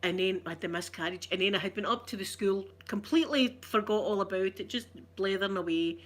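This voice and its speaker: A Scottish woman talking to her viewers in a loose, rambling livestream chat. Her voice sits at a middling pitch, and she teases herself as she goes. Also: fast. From Scotland. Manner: rambling, chatty and self-teasing. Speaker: ASMR streamer chatting with viewers.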